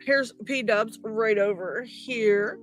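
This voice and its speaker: A woman's voice: on the high side, drawn-out words, soft background music. A woman hosting a live stream, chatting casually, greeting viewers by name and laughing often. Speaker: livestream host. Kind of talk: casual livestream chat.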